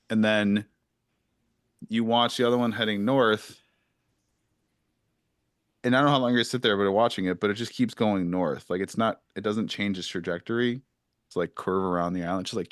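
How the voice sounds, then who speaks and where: A man with a very low voice narrates as game master of a tabletop game. His delivery is loose and full of fillers, and the sound is dry and close, with no room around it. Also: a bit bright, clear, resonant tone, no room sound.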